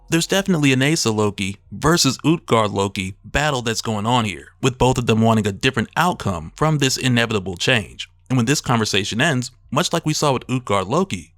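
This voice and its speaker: A man with a fairly low voice talks through a comic book story in a relaxed, conversational way. He recaps the plot like he's chatting with fans. The recording is dry and close, with no room sound. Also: dry recording. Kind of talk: casual comic recap narration.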